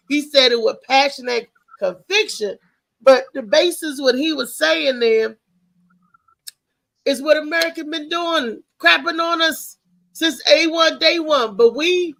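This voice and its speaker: A woman hosting a live talk show, who talks loudly and excitably and tells family stories. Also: sits high, vocal fry. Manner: animated, loud and excitable, telling family stories. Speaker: host. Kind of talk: casual live-show monologue.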